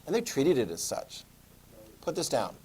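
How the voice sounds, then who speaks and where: A man's voice: mid-range voice, huge pitch swings, normal speed, a little mellow, breathy edge. A man teaching a history class, chatty and quizzing his students as he goes. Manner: chatty, asks the class questions. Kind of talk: classroom lecture.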